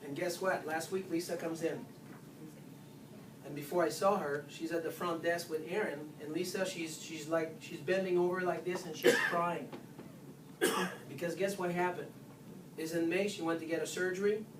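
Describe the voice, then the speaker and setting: Animated workshop speaker in a roomy hall. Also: medium pitch, moderate pace. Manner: animated, keeps asking "guess what?". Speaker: chiropractor giving a nutrition workshop. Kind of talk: informal workshop talk to patients. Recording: roomy, distant, faint hiss.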